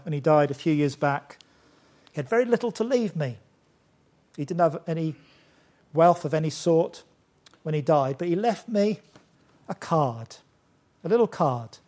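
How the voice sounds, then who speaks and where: An older man preaching a sermon, emphatic, slowing to stress key words. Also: fairly high pitch, lively intonation, darkish tone. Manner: emphatic, with slow deliberate stresses.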